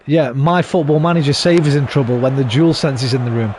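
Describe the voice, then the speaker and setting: A gaming streamer with a mid-range, darkish voice talks a little fast and keeps his intonation fairly even. He chats with viewers during a live stream of a football management game, swearing and flaring into frustrated outbursts when things go wrong. Background noise runs under the recording.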